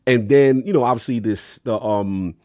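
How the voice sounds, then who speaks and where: A man co-hosting a gaming podcast in casual, slangy chat, acting out quotes with big jumps in pitch. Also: moderate pace, a little mellow, no room sound, clean studio sound. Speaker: podcast co-host.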